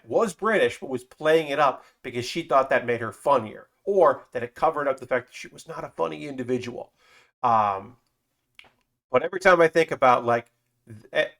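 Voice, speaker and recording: A man's voice: medium pitch, fairly bright tone. A man streaming as he builds a model kit, chatting loosely with fillers and casual swearing. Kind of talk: casual live-stream chat.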